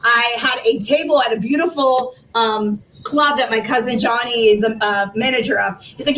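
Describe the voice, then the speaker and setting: A woman in her forties tells her personal story as an interview guest, in a high, animated voice full of fillers. She sounds set back from the microphone. A faint hiss sits under her voice. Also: normal speed. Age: 40s. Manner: animated, rambling, with many fillers and laughs. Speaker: interview guest, foundation founder. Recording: distant mic with faint background noise.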